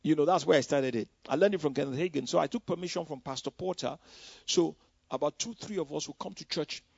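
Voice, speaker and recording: A man with a fairly high, gravelly voice recounts his testimony from the pulpit. He talks in a loose, storytelling way and keeps dropping "you know" into his sentences. The recording is dry and dull. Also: quick pace, darkish tone, no room sound. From Nigeria. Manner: conversational storytelling, full of "you know" asides. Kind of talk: personal testimony in a sermon.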